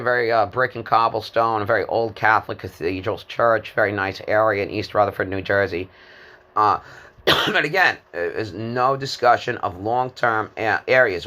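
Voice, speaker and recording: Man, 50s, lowish and bright, forceful voice; rambling, halting monologue full of fillers. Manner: disjointed, hesitant, many fillers and repeated words.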